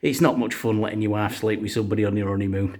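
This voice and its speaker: A man's voice: fairly low pitch, steady tone, quick pace, a little mellow. Rambling male storyteller. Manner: rambling, lots of filler "uh"s and "bloody". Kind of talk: comic storytelling.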